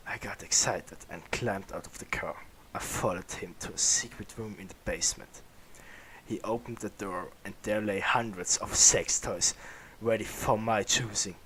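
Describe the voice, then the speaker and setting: A man's voice: fairly low pitch, fairly even intonation, moderate pace, fairly bright tone, a little hiss or hum. A man reading fan fiction aloud, stumbling over words and laughing now and then. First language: German. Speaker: reader.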